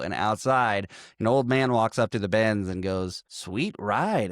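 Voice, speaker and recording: A man's voice: lowish voice, animated, normal speed, hardly any pauses, smooth, no echo, clean studio sound. Laughing man retelling movie scenes. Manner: laughs often, retells scenes with quoted lines. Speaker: podcast co-host. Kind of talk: casual movie-review chat.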